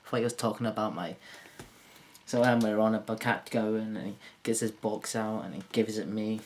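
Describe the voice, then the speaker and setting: A man doing a rambling, crude, self-mocking stand-up monologue to camera, jumping into silly high put-on voices. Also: steady tone, normal speed, a little hiss or hum. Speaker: comedian.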